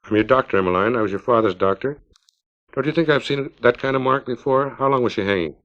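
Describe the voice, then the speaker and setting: A man voicing a firm but kindly middle-aged country doctor, low and grave, on a dull lo-fi 1950s record. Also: fast, a bit bright, natural voice. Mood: stern, gentle.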